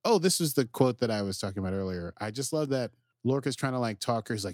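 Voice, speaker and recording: Lively low-voiced man recapping a show. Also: fast, no room sound, clean studio sound. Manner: animated, jumps into quoted character voices. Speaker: podcast co-host. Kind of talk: casual recap chat.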